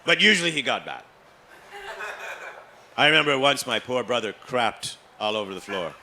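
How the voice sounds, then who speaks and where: Stand-up comic, male, mid-range voice, deadpan delivery, live club sound with noticeable background noise. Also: mid-range voice, moderate pace. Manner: deadpan storytelling, loud put-on voices for family. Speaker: stand-up comedian. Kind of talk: stand-up comedy with crowd work. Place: comedy club stage.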